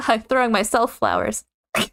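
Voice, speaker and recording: A woman's voice: fairly high pitch, wildly swooping pitch, a little slow, creaky, fairly bright tone. A woman chatting casually on a live stream, giggling often and rambling with lots of fillers and self-corrections.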